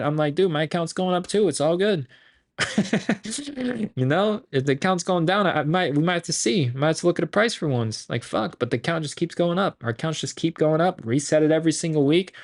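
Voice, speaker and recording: A man hosting a stock trading group, talking in a profane, boastful, rambling and excitable way. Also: fairly high pitch. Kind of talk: hyped casual trading recap.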